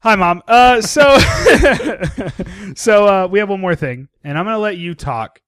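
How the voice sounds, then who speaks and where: Animated young man hosting a podcast. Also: high voice, a little slow, clear, resonant tone, dry recording. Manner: goofy, animated, laughs at himself. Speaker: podcast host. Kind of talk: casual podcast chat.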